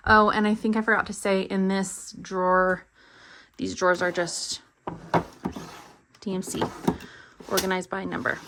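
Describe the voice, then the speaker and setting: Unhurried chatty woman vlogger. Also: medium pitch, completely flat delivery, a bit bright, a little hiss or hum. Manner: chatty, with frequent ums and trailing asides. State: a little out of breath. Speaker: cross-stitch vlogger. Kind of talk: casual room tour. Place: home craft room, indoors.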